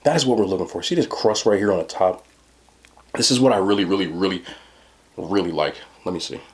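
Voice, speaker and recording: A man's voice: sits low, brisk. A young man chatting casually to camera as a mukbang vlogger, laid-back and talking between bites with his mouth full. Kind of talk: casual talk to camera while eating.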